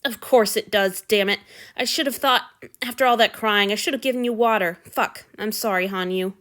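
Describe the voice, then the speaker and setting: A woman's voice: medium pitch, moderate pace, a bit bright, close to an everyday voice. A woman voicing a brusque but caring male god in a fan fiction reading, with a blunt, curt, exasperated way of talking.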